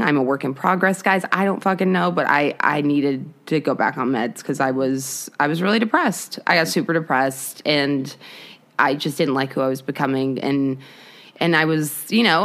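Candid low-voiced young woman co-host. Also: a bit bright. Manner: candid, rambling, swears freely. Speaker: podcast co-host. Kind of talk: casual chat.

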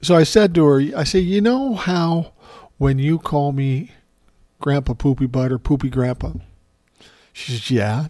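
A man's voice: medium pitch, warm tone. An older man with a mid-range voice telling stories on his show in a loose, casual way. He is wry and self-mocking and swears freely. The sound is dry and close, with no room echo. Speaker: host. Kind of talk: casual storytelling monologue.

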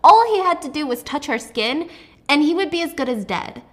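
A young woman with a somewhat high voice chats through a book recap. She talks in a gossipy, animated way and fills her speech with "like" and "okay?". Her delivery is loose and conversational. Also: fairly quick. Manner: gossipy, animated, filler-heavy with frequent "like". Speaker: host recapping a novel. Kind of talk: casual chatty book recap.

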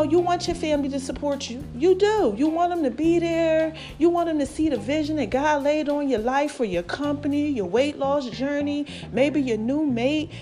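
Woman podcast host, high-pitched but mellow, folksy and affectionate, slightly winded and throaty, faint music underneath. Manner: folksy, affectionate, calls listeners baby and y'all. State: slightly out of breath, swollen throat. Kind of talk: casual motivational chat.

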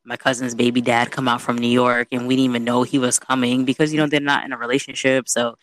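A young adult woman telling a story in casual chat, animated and chatty, full of "you know". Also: extremely low pitch, fast talker, no room sound.

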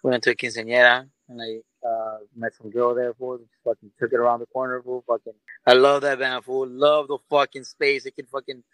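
Bright-voiced slangy swearing man. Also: mid-range voice, monotone, a little fast, no echo, poor audio. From Southern California. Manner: slangy, swears constantly, says "fool" often. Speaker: podcast co-host. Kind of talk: crude casual storytelling.

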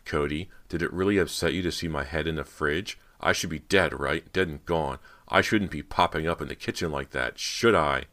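A man's voice: extremely low pitch, normal speed, few pauses, a bit bright. Callie, a man voicing a taunting girl ghost. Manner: taunting, mocking. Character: spiteful teenage girl ghost, gloating and vengeful. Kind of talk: audiobook character reading.

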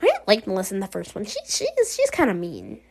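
A woman's voice: medium pitch, huge pitch swings, fast, creaky, darkish tone, husky. A woman playing a story game and chatting through it in a giggly, casual way, reacting aloud to every choice. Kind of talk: casual let's-play commentary.

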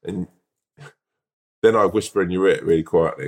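A man's voice: sits low, moderate pace, pauses often, a little mellow. A man rambling in casual podcast chat, peppered with fillers and laughter. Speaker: podcast co-host.

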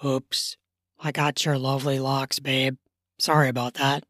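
Lady putting on a deep relaxed guy for an audio story, slow and dry. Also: dry recording, full character voice. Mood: playful. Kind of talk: erotic story reading.

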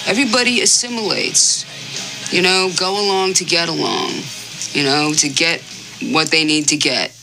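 A man's voice: a little high, normal speed, gravelly, bright, forceful tone, soft background music, low-quality recording. A man giving an emphatic opinion in an interview. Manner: emphatic, repeats "you know".

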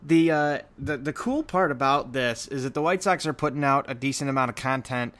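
A man's voice: medium pitch, fairly quick, fairly bright tone. Guy rambling on a sports podcast, lots of uhs and restarts, regular voice. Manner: rambling, frequent restarts and fillers. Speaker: podcast co-host. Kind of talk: casual sports podcast chat.

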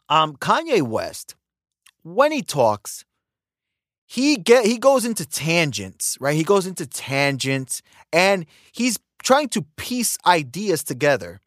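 Animated man ranting on a podcast. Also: on the high side, dry recording, studio quality. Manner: animated, repeats "right?" and acts out quoted lines. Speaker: podcast host. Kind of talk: opinionated casual monologue.

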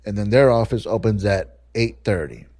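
Dark-voiced man telling a profane story. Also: lowish voice, normal speed, no echo, clean studio sound. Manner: profane, rambling, animated. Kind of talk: casual storytelling. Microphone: podcast microphone.

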